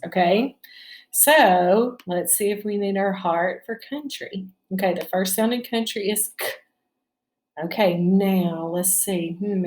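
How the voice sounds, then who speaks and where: A woman's voice: medium pitch, a little mellow. A woman teacher leading a spelling lesson for children, patiently sounding out each syllable and checking in with "right?".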